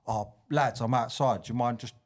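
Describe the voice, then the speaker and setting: A man's voice: medium pitch, normal speed. A man, a flooring tradesman telling a blunt, mate-to-mate story about walking off a job. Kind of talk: casual storytelling chat.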